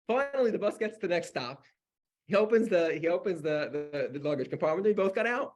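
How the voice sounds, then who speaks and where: A man's voice: high voice, lively intonation, fairly quick, darkish tone. A man, a rabbi, teaching a class by telling a story conversationally, with frequent restarts. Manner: conversational, with many restarts and "you know". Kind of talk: storytelling lesson.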